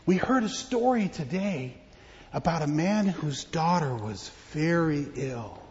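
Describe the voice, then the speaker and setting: A man giving a children's sermon as pastor, telling a story in an animated way and asking the children questions. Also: a little high, a little slow, big-room sound, highs cut off. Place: church.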